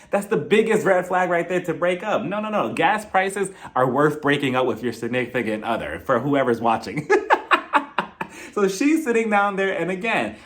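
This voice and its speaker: A young man talks through a reality TV episode in a loose, chatty recap. He gets animated and slips into the cast's voices as he retells the scenes. His voice sits a little high for a man. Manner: chatty and animated, acting out quotes, laughing often. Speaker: TV recap host.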